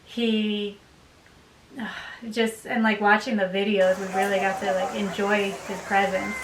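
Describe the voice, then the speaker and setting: A woman vlogger chatting casually to the camera at home, upbeat and quick to laugh. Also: mid-range voice, flat delivery. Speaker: vlogger, bride. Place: home room by a desk. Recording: roomy, distant mic with faint hiss.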